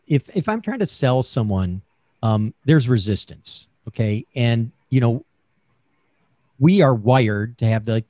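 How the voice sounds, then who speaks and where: A man's voice: mid-range voice, a little mellow, dry recording, studio quality. A man being interviewed about selling, talking in a chatty coaching way with many fillers over a remote call mic. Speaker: sales expert guest.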